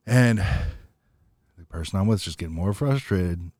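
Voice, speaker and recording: A man with a deep, low voice chatting on a podcast and telling a story. He acts out the quotes with lively energy and swears freely. The sound is close and dry, with no room echo. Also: moderate pace. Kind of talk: casual chat.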